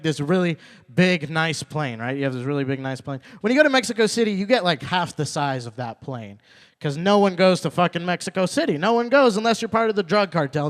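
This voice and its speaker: A young male comedian working a small club open mic with a slightly high, easy voice. He tells stories loosely, says his punchlines twice and slips into quick acted-out lines from other people. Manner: loose storytelling with repeated lines and acted quotes. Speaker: stand-up comedian. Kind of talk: stand-up comedy set.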